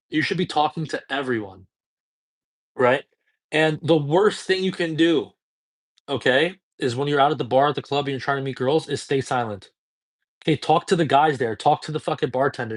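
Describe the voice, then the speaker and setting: A man in his thirties, a dating coach, answering chat questions on a live stream in a casual, profane, high-energy way. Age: 30s.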